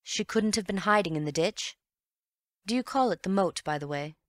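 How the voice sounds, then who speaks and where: A woman reading an audiobook and voicing a calm, wry gentleman amateur detective who reasons in an unhurried, teasing way. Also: medium pitch, dry recording, studio quality, voice pushed up, close to an everyday voice. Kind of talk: audiobook character voice.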